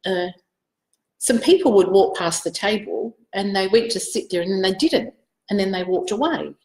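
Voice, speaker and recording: A woman's voice: mid-range voice, roomy sound, rough recording. A middle-aged Australian woman, a psychic medium, telling a personal story in an emotional, rambling way full of fillers and digressions. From South Australia.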